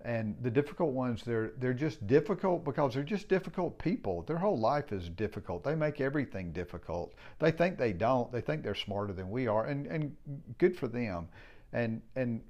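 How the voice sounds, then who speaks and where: A man's voice: medium pitch, expressive, normal speed, darkish tone, muffled recording. A middle-aged man who runs a home building company talks casually and reflectively in a rambling, frank way and swears now and then. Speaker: home builder, business owner.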